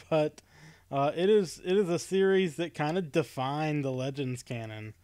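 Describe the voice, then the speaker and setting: A man's voice: a little high, a little slow, darkish tone, clean tone, no room sound. Chatty laughing man hosting a stream. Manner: chatty, laughs often, many ums. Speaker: podcast host. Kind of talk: casual livestream chat. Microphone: webcam stream setup.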